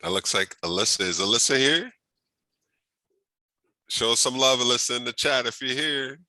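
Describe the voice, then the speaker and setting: Hosting a workshop speaker series over a video call, this man is upbeat and chatty, full of fillers and restarts. His mid-range voice moves at a moderate pace and sounds bright and forceful. There's no room sound.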